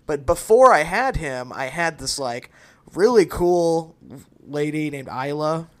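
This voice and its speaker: A man's voice: a little high, lively intonation, measured pace. A man co-hosting a podcast, telling a rambling story with many fillers. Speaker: podcast co-host. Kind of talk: casual storytelling chat.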